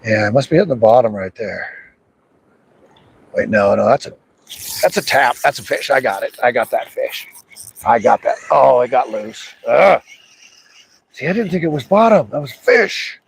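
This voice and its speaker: Man, mid pitch, casual fishing livestream, talks to himself and the fish, outdoors by the water. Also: expressive, moderate pace, gravelly, long pauses, slight background noise. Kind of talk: casual live commentary while fishing. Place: outdoors by a river.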